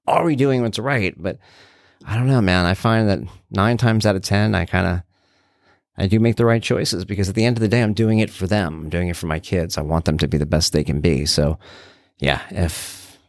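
A middle-aged man hosting a podcast, telling stories in an animated, conversational way. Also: low-pitched, dry recording, studio quality. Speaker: podcast host. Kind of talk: casual solo podcast monologue.

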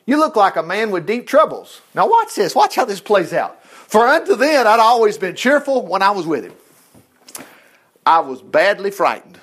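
Male preacher, conversational sermon, folksy and chatty, high voice with lively swings. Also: normal speed. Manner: folksy, animated, self-interrupting, acting out scripture dialogue.

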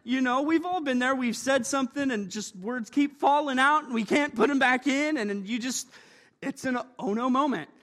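A man preaching a sermon in a church, lively and joking, often calling for amens. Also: very high-pitched, normal speed, big-room sound.

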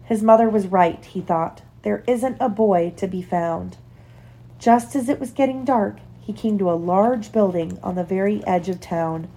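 Mom reading a storybook to her kid, mellow, gentle storytelling, casual asides. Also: medium pitch, measured pace. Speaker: parent reading to her child. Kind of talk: bedtime read-aloud.

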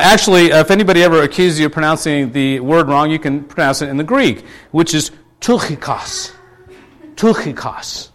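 A man preaching a conversational sermon, asking his congregation questions and restarting his sentences often. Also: on the high side. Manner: chatty, asks the congregation questions; many fillers and restarts. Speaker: pastor.

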